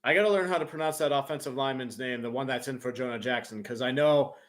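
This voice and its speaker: A man hosting a live stream, giving a fan's play-by-play reaction that bursts into loud cheers on big plays. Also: mid-range voice, fast talker, a little hiss or hum.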